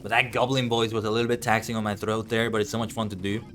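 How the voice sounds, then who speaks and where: A VTuber streamer with a non-native English accent plays a game, thinking aloud in casual live-stream chat. His fairly low voice is a bit bright, fast, and flat in delivery as he rambles and muses.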